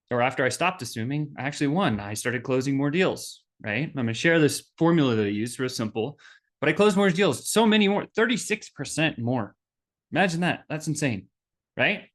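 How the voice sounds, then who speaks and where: A man hosting a business podcast, telling a personal story in a lively, animated way and acting out the voices of the people in it. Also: on the high side. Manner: animated, acts out quoted voices. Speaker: podcast host.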